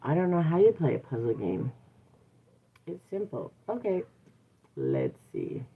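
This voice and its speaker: Low-voiced woman on a tinny line. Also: huge pitch swings, unhurried, gravelly, slight background noise. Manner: playful, laughs often, breaks off to correct her child. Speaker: channel host and mother. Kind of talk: casual live chat. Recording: tinny phone-like sound.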